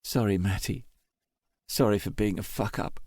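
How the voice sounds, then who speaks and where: A man's voice: fairly low pitch, steady tone, normal speed, darkish tone, husky, no echo, studio quality. A man voicing a brash, guilty teenage schoolboy in an audiobook, speaking in a pleading, frustrated way. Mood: remorseful.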